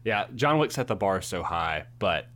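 A young man co-hosting a casual movie review chat, relaxed and agreeable, often saying "yeah.". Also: low voice, moderate pace.

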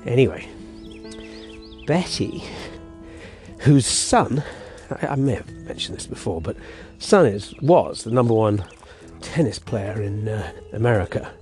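A man's voice: lowish voice, expressive, a little slow, darkish tone, soft background music. A man hosting a podcast, telling a rambling story outdoors while walking his dog and breaking off to talk to it. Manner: rambling, self-interrupting, chatty with his dog. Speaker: podcast host. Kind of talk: casual storytelling monologue.

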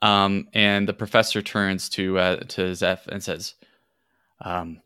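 Bright-voiced man narrating as game master. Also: deep voice, flat delivery, slow, clear, resonant tone, no room sound, studio quality. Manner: casual, lots of ums and restarts.

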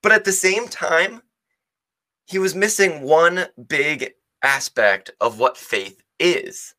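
A man's voice: a little high, slow, bright, forceful tone. A man giving a sermon in a casual, conversational way, often hedging and restarting his sentences. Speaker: preacher.

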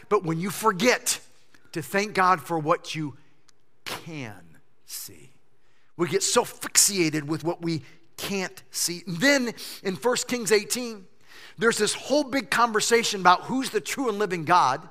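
A man pastor preaching a sermon in a church sanctuary, animated and swinging between loud shouting and hushed intensity. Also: high-pitched, unhurried. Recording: long church-hall reverb.

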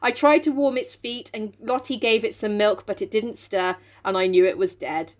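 A woman's voice: mid-range voice, steady tone, moderate pace. Woman reading aloud and joking. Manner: reads aloud, then jokes and laughs often. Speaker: podcast co-host reading and discussing a novel. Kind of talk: casual book-club chat with read-aloud passages.

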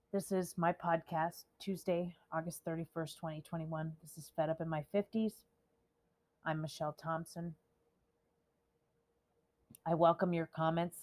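A woman in her fifties hosts a solo podcast, talking slowly and with heavy emotion. Her voice sits a little low, and she lingers over each phrase. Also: darkish tone. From United States. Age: 50s. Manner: emotional, slow and deliberate, reading names. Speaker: podcast host.

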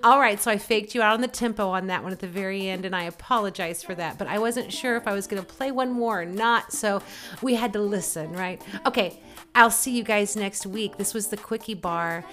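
A woman, the host of the show, leading a guided vocal warm-up lesson with calm, encouraging instructions. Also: medium pitch, brisk. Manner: calm, encouraging instruction with cues to body awareness. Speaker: voice teacher and podcast host.

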